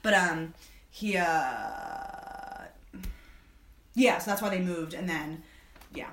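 Animated woman podcaster in an echoey room. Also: fairly low pitch, slow pace, slight background noise. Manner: animated, laughing, acts out characters' lines. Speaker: podcast co-host. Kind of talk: casual book and movie discussion.

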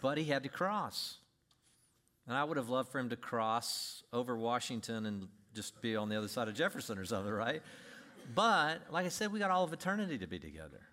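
A male pastor preaching a sermon, animated, acting out scenes with big swings in pitch and volume. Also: a little fast.

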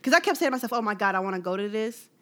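A woman co-hosting a casual music chat, telling stories with animated laughs. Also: medium pitch, very fast. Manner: animated storytelling with loud laughs. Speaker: podcast co-host.

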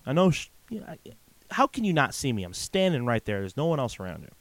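A man's voice: medium pitch, sing-song, fast talker, dry recording. A man hosting a podcast alone at a microphone, telling a long story in a casual, rambling way, full of "uh" fillers and restarts. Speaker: podcast host. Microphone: desk microphone.

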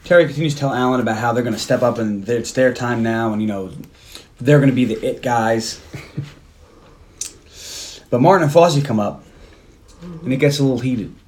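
A man's voice: medium pitch, normal speed, long pauses, a little mellow. A man hosting a movie podcast, casually retelling a film's plot at length in a rambling way. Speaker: podcast host. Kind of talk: casual movie recap chat.

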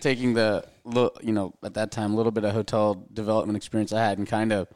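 A man's voice: fairly low pitch, little pitch movement, quick pace, a little mellow. A man, a guest on a podcast, chatting casually and rambling with restarts. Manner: rambling, restarts, laughs often. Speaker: podcast guest, gym co-owner. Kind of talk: casual chat.

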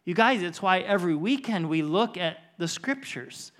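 A man's voice: sits high, animated, moderate pace, fairly bright tone. A middle-aged man preaching a sermon as a pastor, telling a personal story in an earnest way and building to emphatic preaching.

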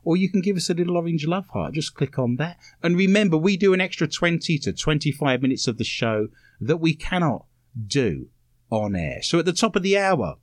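A male radio host talks with a teasing, playful edge and a fairly high voice that swings up and down a lot. The studio sound is close and dry, with no room around him. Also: big pitch swings, a little fast, no echo. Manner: playful, teasing, full of innuendo. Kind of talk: comedic radio chat.

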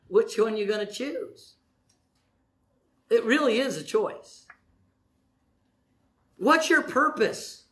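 Animated preacher in a roomy hall. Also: male voice, extremely high pitch. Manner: animated, jokey preaching with acted-out voices. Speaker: pastor. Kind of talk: sermon.

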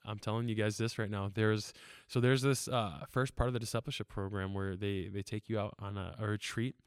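A young man with a somewhat low voice chats on a podcast, earnest and rambling, with frequent laughs and fillers. The sound is dry and close. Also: fairly even intonation, brisk, clear, resonant tone, no room sound. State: tearful. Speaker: podcast guest. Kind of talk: casual podcast chat.

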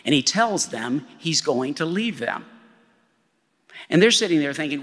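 A man's voice: a little high, very animated, measured pace, long pauses, a bit bright. A male pastor preaching a sermon in a conversational way, often checking in with "right?". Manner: conversational, with frequent "right?" tags. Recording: long hall reverb.

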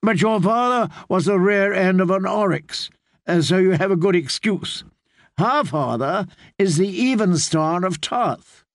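A man's voice: sits high, expressive, measured pace, no room sound, clean studio sound, voice pushed up. A man doing a languid mocking young knight. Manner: drawling, sardonic.

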